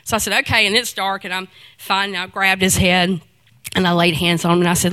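Animated middle-aged woman telling a faith story. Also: medium pitch, fairly quick, clear, resonant tone, no room sound. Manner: animated storytelling, acting out quoted dialogue. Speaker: speaker giving a testimony. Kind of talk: personal faith testimony.

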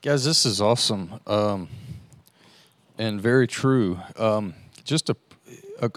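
A man with a low voice speaks casually to a church group. He hesitates and fills gaps with small fillers. The recording is dry and close. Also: no echo.

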